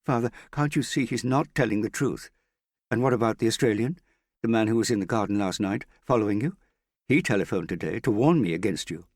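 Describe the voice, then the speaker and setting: A man's voice: fairly low pitch, animated, normal speed, vocal fry, no room sound, clean studio sound, pitched above the performer's own voice. A man voicing an anxious young woman who confronts a man she suspects of lying, pleading and insistent, her voice rising and breaking. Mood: accusing.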